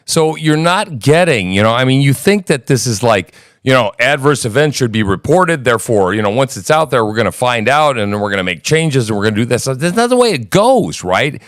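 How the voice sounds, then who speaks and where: A man's voice: medium pitch, very animated, fairly quick, no room sound, clean studio sound. A man in a live audio chat, explaining emphatically and checking in with listeners. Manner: emphatic explaining, keeps asking "right?". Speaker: chat participant. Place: remote live audio room.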